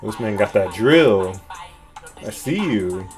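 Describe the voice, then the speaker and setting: A man giving casual, excitable, slang-filled reaction commentary to a music video, often laughing. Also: lowish voice, takes it slowly. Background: music track playing.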